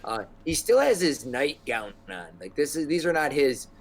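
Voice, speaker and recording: A man's voice: fairly high pitch, very animated, moderate pace, poor audio. A man narrating a tabletop game as game master, rambling with many fillers. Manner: rambling, many ums and likes.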